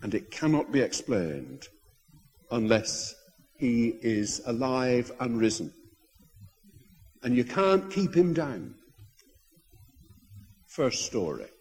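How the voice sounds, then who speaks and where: A man preaching a sermon as a bishop, telling stories in an animated way with hesitant restarts. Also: mid-range voice, takes it slowly, long pauses. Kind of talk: sermon storytelling. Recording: husky voice in a long-reverb hall.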